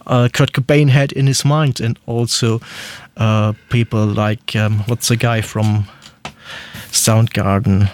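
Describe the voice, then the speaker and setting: A man hosting a radio music show in casual chat, talking haltingly with many fillers and restarts. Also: on the low side, fairly even intonation, a little mellow, a little hiss or hum. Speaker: radio host.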